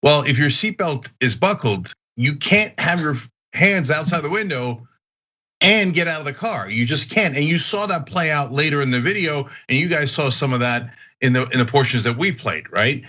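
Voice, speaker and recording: A man hosting a political commentary show, talking straight to his viewers in an animated, indignant way. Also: fairly high pitch. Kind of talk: heated opinion commentary.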